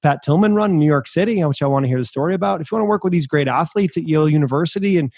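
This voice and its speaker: A man voicing a blunt older Irish male mentor with a brisk, raised voice. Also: fairly high pitch, creaky, a little mellow, no echo, pitched above the performer's own voice.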